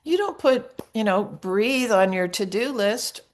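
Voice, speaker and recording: A woman hosting a podcast, gently guiding listeners through a reflective practice in an unhurried way with small restarts. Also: mid-range voice, expressive. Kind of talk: reflective guided practice talk.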